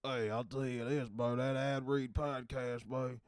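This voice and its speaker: A man's voice: medium pitch, flat delivery, unhurried, smooth, no room sound, clean studio sound, pitched above the performer's own voice, natural voice. A man voicing a friendly country fan with a put-on drawl, repeating himself as he stumbles.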